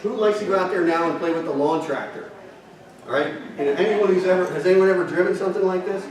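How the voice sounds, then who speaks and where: A man's voice: sits high, fast. A man presenting a marketing seminar in a hotel conference room, firing rhetorical questions at the audience. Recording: echoey hall, distant mic, audience present.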